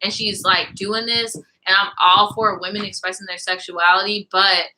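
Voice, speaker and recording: A woman's voice: medium pitch, a little hiss or hum, low-quality recording. A young woman co-hosting a podcast, telling a story in casual, profane chat and acting out what people said. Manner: animated, profane, quotes people in rapid back-and-forth. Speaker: podcast co-host.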